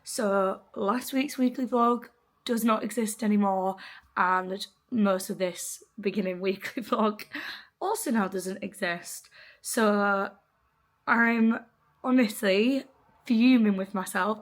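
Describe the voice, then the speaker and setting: A woman's voice: mid-range voice, slow. A young woman in her twenties, chatting casually and rambling a little in a home vlog. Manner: chatty, rambling, self-deprecating. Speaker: vlogger.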